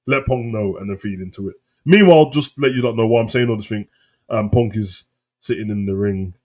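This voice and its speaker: A young man giving casual, mocking live reaction commentary, swearing often and quoting lines in put-on high voices. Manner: mocking, profane, jumps into high mimicking voices. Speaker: wrestling reaction host.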